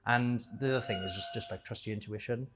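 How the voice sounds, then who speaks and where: A man's voice: medium pitch, fast, background noise. A man speaking as a podcast guest in a casual conversation, rambling and thinking aloud, often restarting and correcting himself.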